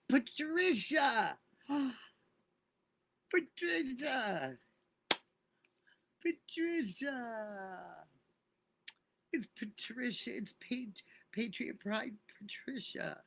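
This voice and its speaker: A woman's voice: deep voice, vocal fry, breathy edge. A middle-aged woman hosting a casual livestream, chatting effusively and thanking viewers by name. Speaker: livestream host.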